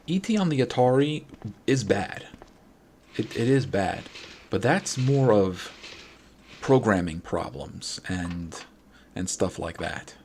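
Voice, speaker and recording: A man's voice: lowish voice, animated, slow, pauses often, a little mellow, a little hiss or hum. A man from New York with a New York accent, chatting casually and rambling with his stream viewers late at night. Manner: rambling, friendly, many restarts. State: late-night, a little wired. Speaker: game streamer.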